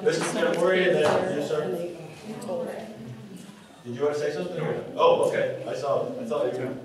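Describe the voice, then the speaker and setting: A man chairing a school board meeting, calling on speakers and adjourning in a brisk, courteous way. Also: on the high side. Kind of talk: formal meeting procedure. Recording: very echoey hall, mic far off, crowd behind.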